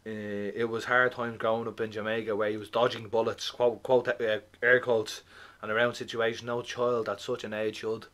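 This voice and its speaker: A man co-hosting a podcast in casual chat, animated and swearing, often asking "you know what I mean". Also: mid-range voice, normal speed. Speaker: podcast co-host.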